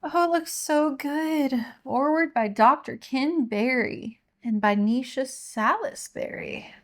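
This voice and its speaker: A woman with a high, bright voice gushes excitably, her words spilling out as she is close to tears. She chats casually as the host's wife, warm and informal. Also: slow. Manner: gushing, excitable and teary. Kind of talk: casual chat.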